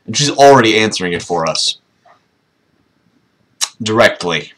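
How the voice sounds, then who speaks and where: A man's voice: fairly low pitch, sing-song, moderate pace, a bit bright, slight background noise. A man reading a book aloud and breaking off into sarcastic, mocking commentary between passages. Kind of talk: casual dramatic reading with commentary.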